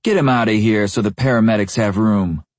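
A man's voice: on the low side, brisk, darkish tone, no echo, pitched above the performer's own voice, close to an everyday voice. A man voicing a smug police officer who talks down to a suspect. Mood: smug, sneering. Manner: sneering, condescending.

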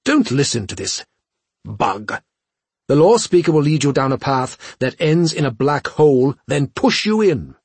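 A male narrator voicing a hot-tempered, scornful male advisor in an audiobook, speaking indignantly with a slightly husky tone. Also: mid-range voice, normal speed, hardly any pauses, dry recording, pitched above the performer's own voice, lightly acted. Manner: indignant, raised voice.

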